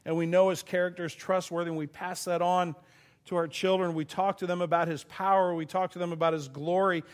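A man, a pastor, preaching a sermon in an earnest, emotional way, laughing at times and quick to choke up. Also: high-pitched, level tone. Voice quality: voice goes thin and quiet when choked up.

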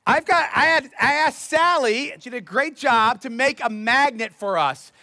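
A man's voice: very high voice, expressive, moderate pace, pushed and bright, no room sound, clean studio sound. A man preaching a sermon as pastor, telling stories in a conversational, self-deprecating way.

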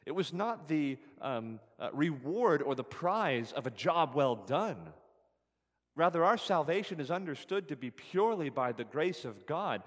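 A man's voice: a little high, very animated, unhurried, big-room sound. A man preaching a sermon as pastor, earnest and emphatic, rising on scripture and repeating key phrases to drive them home. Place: church sanctuary.

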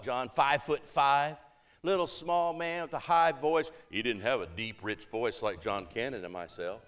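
A man's voice: medium pitch, fairly bright tone. A man preaching a sermon to a church congregation, earnest and emphatic, building to fervent appeals.

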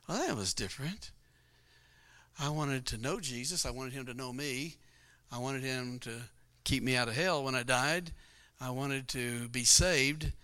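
A middle-aged man preaching a sermon through a personal story, his voice bright and crisp. He talks in a folksy, storytelling way and laughs often as he goes. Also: medium pitch, measured pace. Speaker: pastor. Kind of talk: sermon testimony.

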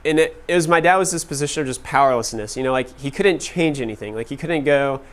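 Smooth-voiced man telling stories in class. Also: mid-range voice, quick pace. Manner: casual, many "like" fillers, laughing at own stories. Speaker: class teacher. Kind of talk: storytelling talk to a class.

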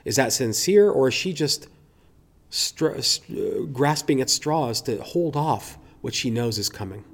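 A man preaching a sermon, earnest and reflective, who leans on rhetorical questions and pauses to explain the text. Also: medium pitch, animated.

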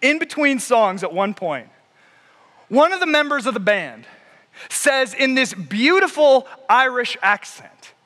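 High, bright-voiced preacher man. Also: very animated, a little slow. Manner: earnest, building to emphatic repetition. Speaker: pastor. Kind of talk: sermon. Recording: long reverb of a large hall.

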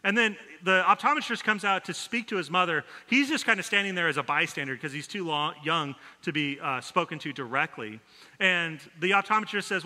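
Bright-voiced pastor preaching in a hall. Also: male voice, high voice, animated, a little fast. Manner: storytelling, voice drops soft for quoted lines. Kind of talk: sermon. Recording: long reverb of a large hall.

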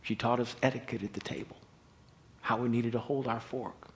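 A middle-aged man as pastor, preaching a sermon in a conversational, animated storytelling way. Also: mid-range voice, moderate pace, vocal fry.

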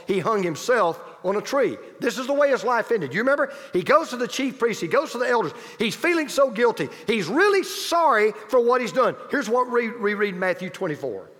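A man with a high voice delivers a sermon, his pitch swinging widely as he presses each point. He repeats key phrases for emphasis and drops into chatty asides to his listeners. The sound carries a long reverb from a large church hall. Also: fairly bright tone. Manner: emphatic and repetitive, with conversational asides to the congregation. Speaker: pastor.

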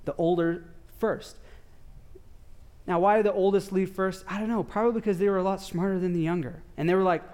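A man in his thirties delivers a sermon in a relaxed, chatty way, often turning to the listeners with a quick "right?". His speaking voice sits notably high for a man, and he tells homely family anecdotes between the scripture passages. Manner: conversational, animated storytelling with asides to parents. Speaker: pastor.

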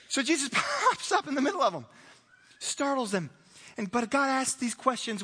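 A man's voice: extremely high pitch, lively intonation, moderate pace, sharp tone, husky. A man preaching a conversational sermon as pastor, acting out little dialogues and chuckling as he goes. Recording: reverberant hall.

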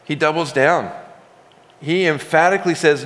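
A male pastor delivers a sermon in a relaxed, conversational way, leaning hard on key words for emphasis. His voice sits in an ordinary middle range. It rings out with the long reverb of a large sanctuary. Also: mid-range voice, normal speed.

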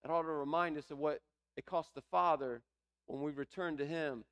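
Gravelly-voiced man preaching a sermon. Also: a little high, fairly even intonation, moderate pace, fairly bright tone. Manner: preaching with rising emphasis, reading scripture aloud. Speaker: pastor.

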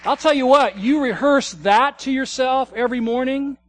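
A man preaching a sermon as pastor, earnest, swinging from hushed asides to emphatic declarations. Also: very high voice, normal speed, some chatter behind, slight background noise.

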